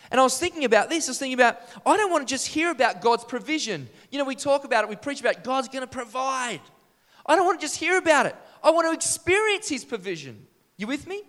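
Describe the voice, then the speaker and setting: A man delivers a lively sermon, firing rhetorical questions at his listeners. His voice sits high for a man, and the sound rings out with a long reverb in a church hall. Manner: animated, rhetorical questions to the congregation. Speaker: preacher.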